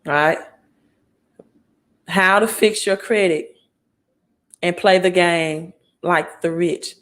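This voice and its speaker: A woman's voice: fairly low pitch, steady tone, takes it slowly, a bit bright. A woman from Mississippi with a Southern accent, hosting a casual live stream on her phone, reading comments and often asking "right?". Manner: chatty, reads viewer comments aloud, keeps asking "right?".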